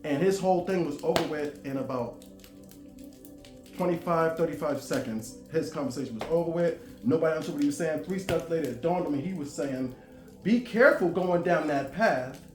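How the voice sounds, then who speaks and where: This casual storytelling monologue comes from a vlogger in his forties whose delivery is animated and emphatically drawn out, punctuated by abrupt loud, high bursts. The recording has a roomy echo and faint music.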